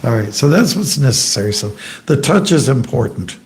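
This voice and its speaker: A monk giving an informal scripture class in a temple hall, telling anecdotes, joking and quizzing the audience. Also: male voice, mid-range voice, very animated, normal speed, a little hiss or hum. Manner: chatty and joking, asks the audience questions.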